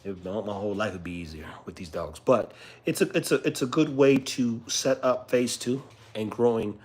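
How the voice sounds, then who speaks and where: A man's voice: lowish voice, moderate pace, breathy edge. Laid-back man chatting to viewers about his dogs. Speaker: dog owner streaming live. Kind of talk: casual live-stream chat.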